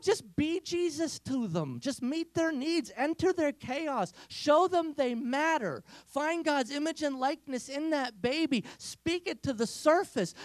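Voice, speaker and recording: A man giving an energetic, humorous inspirational talk to teenagers, telling stories. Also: very high voice, dry recording. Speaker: speaker.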